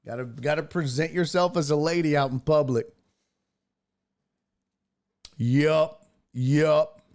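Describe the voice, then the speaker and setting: Male host, a bit high-pitched, crude and jokey, laughs often, casual livestream chat. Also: normal speed, a little mellow. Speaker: podcast host. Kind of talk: casual livestream chat reading viewer comments.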